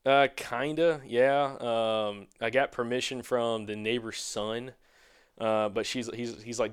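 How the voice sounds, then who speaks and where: A man's voice: mid-range voice, normal speed, fairly bright tone, clear, resonant tone. A man on a hunting podcast telling a long casual story, rambling with many fillers and restarts. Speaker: podcast co-host.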